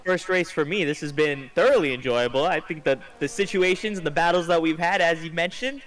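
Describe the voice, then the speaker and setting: A man's voice: on the high side, brisk, fairly bright tone. A man co-commentating a sim race in an easygoing, agreeable way.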